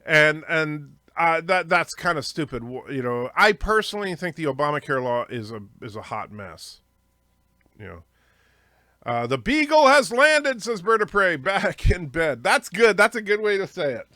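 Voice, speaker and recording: A man's voice: a little high, expressive, normal speed, sharp tone, dry recording, studio quality. A man hosting a livestream, reading chat and giving chatty, opinionated commentary. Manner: opinionated, chatty, with fillers and restarts. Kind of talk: casual commentary.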